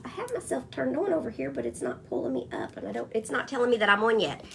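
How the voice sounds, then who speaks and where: A woman's voice: a little high, wildly swooping pitch, fast, gravelly, fairly bright tone, slight background noise. A woman hosting a casual craft livestream, chatting and greeting viewers by name between stories. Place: home.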